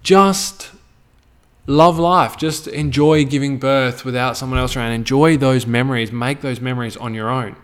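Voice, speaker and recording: A man's voice: mid-range voice, fairly even intonation, a little fast, few pauses. An Australian man hosting a podcast, ranting casually with blunt, heavy swearing and a preachy tone. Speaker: podcast host.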